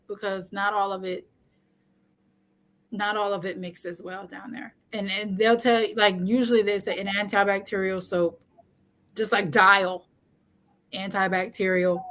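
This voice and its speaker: A woman's voice: medium pitch, fairly bright tone. A young adult woman hosting a casual chat, talking frankly and joking, often laughing. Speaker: host.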